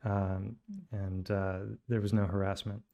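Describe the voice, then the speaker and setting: A man's voice: deep voice, level tone, unhurried, dark tone, lo-fi sound. A man hosting a video, commenting over clips in a sarcastic, rebutting way. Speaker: video host.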